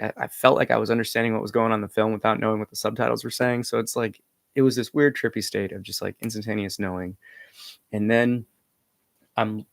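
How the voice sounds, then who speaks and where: Low gravelly young man, rambling. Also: no room sound. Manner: rambling, heavy filler words, hesitant restarts. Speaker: vlogger. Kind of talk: casual personal storytelling.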